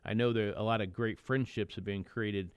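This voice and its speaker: Middle-aged male radio host, low clear voice, conversational and reflective. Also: fairly even intonation, normal speed, no room sound. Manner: conversational and reflective, with frequent restarts. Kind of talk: casual radio talk.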